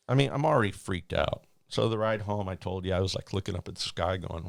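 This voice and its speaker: A man working as a flight attendant, telling a story in a rambling, animated way with many restarts. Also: low voice, fairly quick, gravelly, hardly any pauses, dry recording, studio quality. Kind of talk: casual storytelling.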